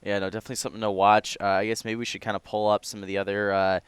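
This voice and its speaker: A man's voice: lowish voice, flat delivery, rapid-fire, clean tone, no room sound. A man co-hosting a stock market show who talks hesitantly, full of fillers and restarts. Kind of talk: casual market talk.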